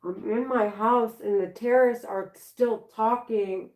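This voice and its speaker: A woman talking to the camera at home, halting and repetitive, often restarting her sentences. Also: fairly high pitch, steady tone, darkish tone. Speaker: vlogger.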